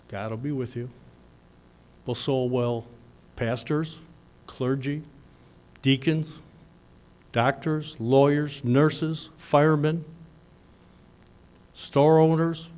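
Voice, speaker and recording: A middle-aged man giving a graduation speech, telling a story in a folksy, animated way with quick asides. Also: medium pitch. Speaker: graduation speaker.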